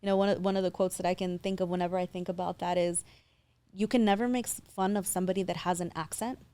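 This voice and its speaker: A woman's voice: on the low side, fairly even intonation, quick pace, mellow, smooth. A woman in her thirties from San Diego, a guest explaining her work in a confident, fluent way. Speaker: guest, loan officer. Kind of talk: casual interview.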